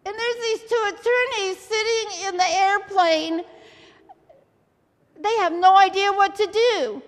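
A woman preaching a sermon as a story, acting out the quoted voices and building to loud exhortation. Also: very high voice, a little slow. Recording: long hall reverb.

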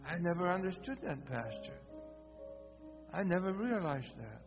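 A man voicing an earnest, devout churchgoing woman with a raised pitch, in a dull, echoing hall with guitar music. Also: sing-song, a little slow, heavily acted. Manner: raised pitch for her replies. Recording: long hall reverb, dull sound, guitar music behind.

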